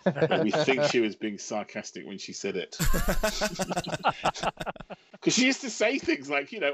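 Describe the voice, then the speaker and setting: A man's voice: medium pitch, huge pitch swings, a little slow, long pauses, fairly bright tone. A middle-aged English man, a writer and guest on a podcast, talking in a casual, self-mocking way and laughing often. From England.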